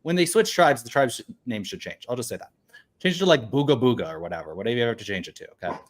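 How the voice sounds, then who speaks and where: A man's voice: mid-range voice, expressive, very fast. A man co-hosting a casual recap chat, rambling and laughing often. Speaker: podcast co-host.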